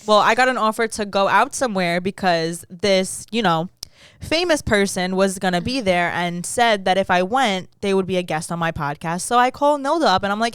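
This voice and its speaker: A woman's voice: medium pitch, animated, normal speed, a bit bright, clean tone, no room sound, studio quality. A woman co-hosting a podcast, telling stories in a laid-back, teasing casual chat. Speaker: podcast co-host.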